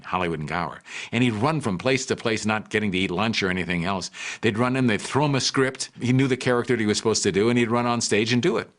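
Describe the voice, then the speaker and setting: A man being interviewed, reminiscing briskly about his father. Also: fairly low pitch, a bit bright. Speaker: interviewee, son. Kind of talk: documentary interview.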